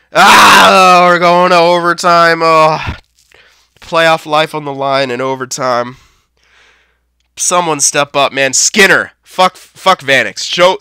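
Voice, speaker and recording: A young man calls a hockey video game live, cursing freely and yelling at his team one moment, then mumbling glumly the next. His voice is bright and crisp, a touch high for a man, and the recording is dry and close. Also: no echo. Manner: swears a lot, swings from shouting to deflated muttering. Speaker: gaming commentator. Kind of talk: live gameplay commentary.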